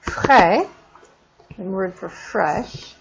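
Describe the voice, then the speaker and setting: A woman teaching a French class in a recorded lesson, drawing out words slowly for pronunciation drills and adding casual asides. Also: medium pitch, expressive, creaky, highs cut off, noisy background.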